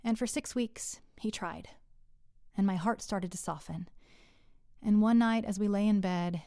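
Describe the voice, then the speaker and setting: A woman's voice: lowish voice, steady tone, normal speed, mellow, smooth, no room sound. A middle-aged woman telling her own story in a candid, wry and profane way, recorded close on a studio mic. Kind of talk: confessional personal storytelling.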